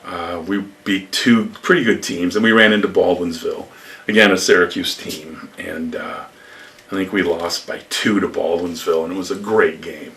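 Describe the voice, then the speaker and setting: Older man, low voice, bright tone, rambling storyteller, distant mic. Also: normal speed. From upstate New York. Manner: rambling, animated anecdotes with acted quotes. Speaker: retired lacrosse coach, interviewee. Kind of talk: storytelling interview.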